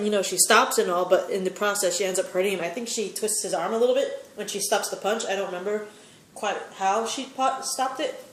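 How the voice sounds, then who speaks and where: A woman's voice: mid-range voice, echoey room, slight background noise. A woman giving a casual, opinionated recap of a TV episode, rambling with many fillers. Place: sitting in a chair at home.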